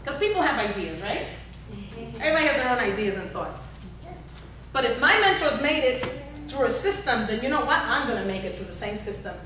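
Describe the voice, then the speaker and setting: In a large, echoey hall, a woman on the high side, with big pitch swings and a slightly fast delivery, gives a motivational workshop talk. She exhorts her audience, repeats her calls, and poses questions to them, though she is far from the recorder.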